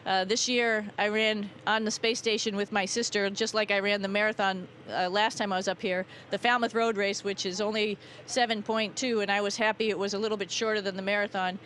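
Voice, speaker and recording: A woman astronaut with a Boston accent, chatting in a relaxed way with many fillers during a live interview from the space station. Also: medium pitch, fairly quick, hardly any pauses, slight background noise. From New England, USA. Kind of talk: live downlink interview answers.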